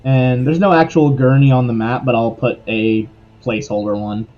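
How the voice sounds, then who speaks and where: Man, game master, tabletop game narration, mellow dark tone, muffled lo-fi sound. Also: medium pitch, moderate pace, soft background music. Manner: descriptive, relaxed narration with fillers.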